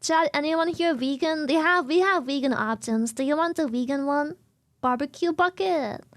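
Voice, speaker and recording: Rich: A woman with a notably high voice chats with her stream audience in a loose, playful way. She tosses in singsong little asides as she talks. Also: moderate pace. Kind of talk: casual chat with viewers.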